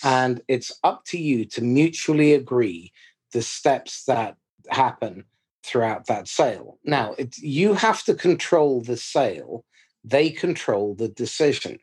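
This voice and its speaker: A man's voice: mid-range voice, animated, measured pace, darkish tone, slightly rough. A man hosting a podcast, summing up a guest's point with emphatic, blunt sales advice. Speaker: podcast host. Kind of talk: podcast conversation.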